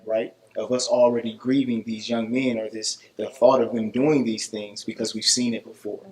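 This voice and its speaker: A man's voice: mid-range voice, level tone, moderate pace, poor audio. A man leading a group discussion with thoughtful, probing questions and frequent fillers.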